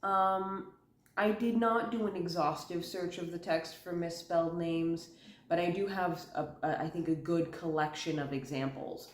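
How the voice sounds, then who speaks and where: A woman chatting quickly about books in a casual video essay, sick and talking around a cough drop, rattling off long lists with ums. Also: on the low side, fairly even intonation. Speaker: book commentary vlogger. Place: indoor room at home. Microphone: camera in front of her. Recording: echoey room.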